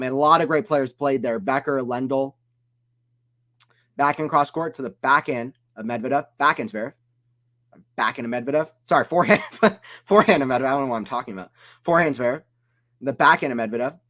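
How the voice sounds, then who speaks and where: Casual live-stream play-by-play comes from a Southern man with an American accent and a fairly high, slightly bright voice. He chats with his audience, reads the chat aloud, and tends to drift off topic.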